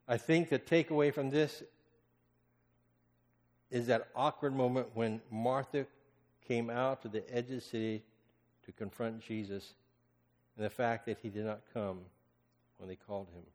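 A male pastor delivers a sermon in a large sanctuary, his voice trailing off into a long hall reverb. He swings from loud impassioned cries to hushed murmurs, with a mid-range pitch. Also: steady tone, a little slow, pauses often.

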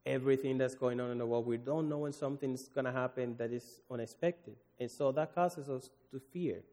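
Earnest preacher in an echoing hall. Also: male voice, mid-range voice, brisk, dark tone. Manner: earnest, pleading, with many restarts and fillers. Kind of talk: sermon. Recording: long hall reverb.

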